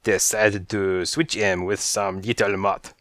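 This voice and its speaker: A man reading an audiobook and voicing a courtly male French cat with a French accent, slow, elegant and persuasive. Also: lowish voice, level tone, fairly bright tone, no room sound, studio quality. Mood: smooth, persuasive. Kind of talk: audiobook character voice.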